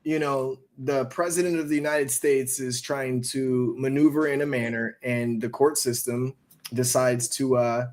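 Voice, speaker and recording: A man streaming live and chatting about trading in a loose, rambling way. His pitch sits in the middle of a man's range. He swears casually and fills his talk with "you know" and "like.". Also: little pitch movement, a little slow, a little mellow.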